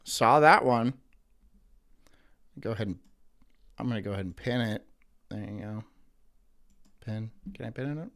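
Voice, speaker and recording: A man's voice: fairly low pitch, normal speed, long pauses, fairly bright tone. A man hosting a live stream, giving crude, mocking reaction commentary and laughing at chat. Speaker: streamer host.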